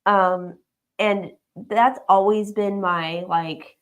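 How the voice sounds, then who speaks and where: A woman co-hosting a livestream, reading viewer comments out briskly and teasing her co-host dryly. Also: medium pitch, fairly even intonation. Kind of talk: casual chat.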